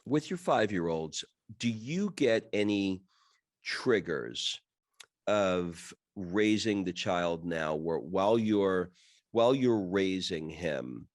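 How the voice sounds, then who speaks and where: A man in his fifties with a very deep voice hosts the interview. He asks his questions haltingly and thoughtfully, restarting often, and the sound is dry and close. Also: no room sound. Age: 50s. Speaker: podcast host.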